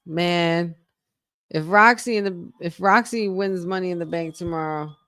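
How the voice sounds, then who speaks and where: Low-voiced woman, chatty watch-along co-host. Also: moderate pace, fairly bright tone, no echo. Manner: chatty, reacts aloud and reads viewer comments. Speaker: wrestling podcast co-host. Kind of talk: casual live watch-along chat.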